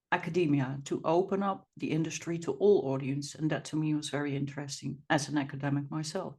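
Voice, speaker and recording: A woman with a Dutch accent hosts an interview, speaking at a fairly low pitch. Her talk is chatty, and at times she stops and starts over as she hunts for the words. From Netherlands. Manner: warm and chatty, with some halting restarts. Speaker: podcast host.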